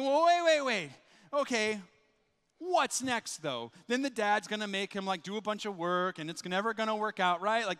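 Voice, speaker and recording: A man with a high, bright, forceful voice delivers a sermon, throwing himself into the story and voicing the people in it. His words carry through a large church hall with a long, ringing reverb. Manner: animated storytelling, voices quoted characters. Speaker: pastor. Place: church sanctuary.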